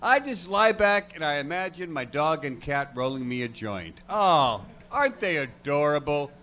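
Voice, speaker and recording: Bright, wry male stand-up comic. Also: on the high side, normal speed. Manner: wry, deadpan storytelling with crude punchlines. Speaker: guest comedian. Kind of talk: stand-up routine. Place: comedy show stage before a live crowd.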